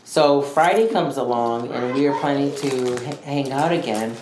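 A man co-hosting a podcast, telling a story in a rambling, animated way and acting out what others said. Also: medium pitch, normal speed. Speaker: podcast co-host. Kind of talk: casual storytelling chat. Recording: echoey room with faint noise.

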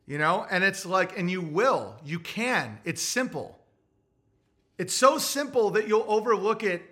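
A man's voice: high-pitched, animated, measured pace, bright, forceful tone. A man hosting a livestream, delivering a blunt, crude, lecturing rant straight to his viewers. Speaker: livestream host. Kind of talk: ranting livestream monologue.

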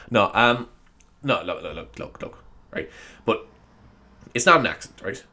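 A man's voice: fairly low pitch, expressive, a little slow, pauses often, bright, forceful tone. An Irish man hosting a podcast, rambling and joking in a casual comedic monologue, swearing and laughing as he goes. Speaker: podcast host.

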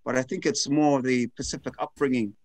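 A man working as a nurse, speaking as a guest in a hesitant, soft-spoken way. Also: medium pitch, fairly even intonation, a little fast, no echo. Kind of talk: casual chat.

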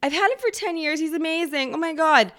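A woman mimicking a doting cat owner who gushes about her pet in a high, breathless voice, on a podcast. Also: a little fast, a bit bright. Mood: gushing.

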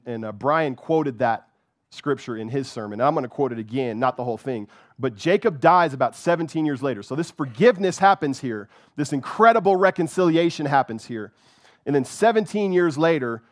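A man's voice: medium pitch, expressive, moderate pace, dry recording, clean studio sound. A man preaching a sermon with fervor, repeating words and often checking in with "right?". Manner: fervent, repeats words, keeps asking "right?".

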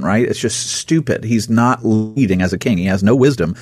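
Husky low-voiced man discussing scripture. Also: normal speed, hardly any pauses, dry recording. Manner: animated, acts out quoted speech. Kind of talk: casual Bible discussion.

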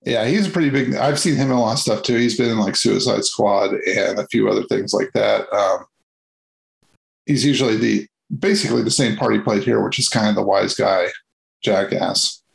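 A man's voice: lowish voice, normal speed, gravelly, poor audio. A man hosting a casual movie review chat, rambling and hesitant with many fillers and restarts.

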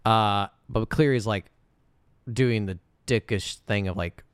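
A man's voice: lowish voice, clear, resonant tone, dry recording. A man co-hosting a casual movie-review podcast, chatty and teasing. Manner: conversational, teasing, quick laughs. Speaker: podcast co-host.

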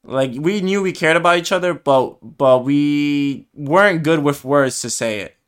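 A man's voice: on the high side, a little slow, clean tone. A young man co-hosting a podcast, chatting casually in a hesitant, reflective way with many fillers. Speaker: podcast co-host. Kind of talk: casual conversation.

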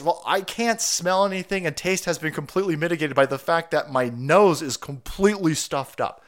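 A man's voice: fairly high pitch, normal speed, hardly any pauses. A man hosting a casual livestream, congested from a cold and a bit winded, talking in a sarcastic, profane, rambling way. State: stuffy nose from a cold. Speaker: streamer host.

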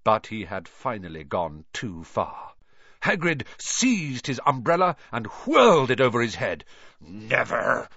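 A man narrating a children's fantasy novel with an expressive, varied delivery. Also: medium pitch, measured pace, dry recording. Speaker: audiobook narrator. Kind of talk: scripted story narration. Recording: dull dry recording.

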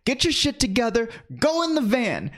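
A man putting on a frantic, yelling, cursing man in a killer-mask costume, as a bit in a podcast chat. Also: very high voice, very animated, moderate pace, pitched above the performer's own voice, heavily acted. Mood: panicked yelling.

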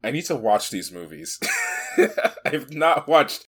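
A man's voice: medium pitch, very animated, takes it slowly, a bit bright, husky. A man co-hosting a podcast who jokes around and laughs often in casual chat. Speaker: podcast co-host.

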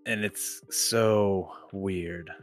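A man with a fairly low voice talks through a film in an easy, rambling way, restarting his sentences as he goes. Faint music plays underneath. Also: fairly even intonation, extremely slow. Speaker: podcast co-host. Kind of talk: casual film review chat.

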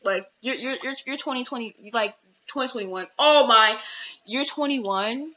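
Bright ranting young woman podcaster. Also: on the high side, normal speed, dull audio. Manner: animated, ranting, filler-heavy. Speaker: podcast host. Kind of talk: casual chat.

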